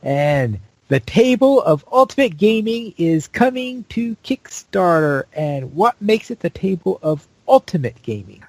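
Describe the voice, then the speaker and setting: A man's voice: high-pitched, very animated, measured pace, few pauses, a little mellow, dry recording. A man co-hosting a gaming news podcast, giving brief replies and reading out the segment intros. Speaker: podcast co-host. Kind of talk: casual news chat.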